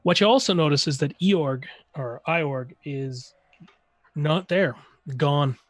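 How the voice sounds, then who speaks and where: A man's voice: a little high, no echo. Man narrating as game master. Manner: relaxed, drawn-out narration with self-corrections.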